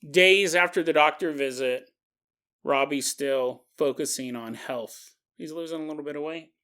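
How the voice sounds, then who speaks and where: A man's voice: a little high, normal speed, pushed and bright, smooth. A man hosting a podcast, retelling a story casually with joking asides and chuckling tangents. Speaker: podcast host.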